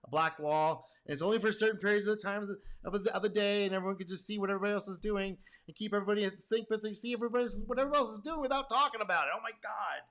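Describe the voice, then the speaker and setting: A man's voice: high-pitched, very fast, few pauses, a bit bright. A man hosting a reaction commentary as a programming teacher, rambling and emphatic with casual swearing. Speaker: host and programming course teacher.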